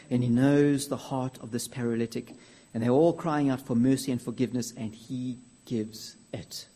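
A man preaching a sermon earnestly, dropping to soft near-whispers and rising to loud declaiming. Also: mid-range voice.

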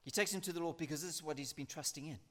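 A man preaching a sermon, earnest and emphatic, building points through repetition and reading scripture aloud slowly. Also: fairly high pitch, fairly bright tone.

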